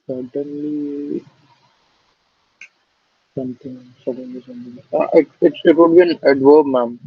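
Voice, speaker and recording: Polite hesitant man, student, husky, muffled dry call audio. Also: medium pitch, fairly quick, no echo. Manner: hesitant, polite, addresses teacher as ma'am.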